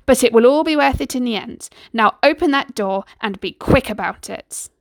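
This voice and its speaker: A woman's voice: a little high, lively intonation, moderate pace, dry recording. A woman voicing a scheming male sorcerer who snarls and hisses his threats, in a dry close recording. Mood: menacing. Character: scheming middle-aged male sorcerer, menacing.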